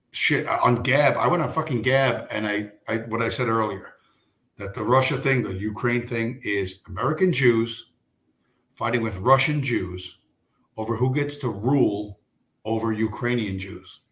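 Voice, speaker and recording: A man with a fairly low voice talks casually on a livestream. He rambles through stories and swears freely. His voice carries a roomy echo. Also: a little slow, a bit bright. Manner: rambling, profane, storytelling. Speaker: livestream host.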